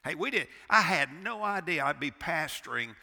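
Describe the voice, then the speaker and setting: A man in his sixties preaching with fervor from the pulpit. His voice is bright and forceful with a gravelly edge, and swings from loud to hushed. Long church reverb trails every word. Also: on the high side, expressive, moderate pace. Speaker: pastor. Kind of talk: sermon. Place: church sanctuary.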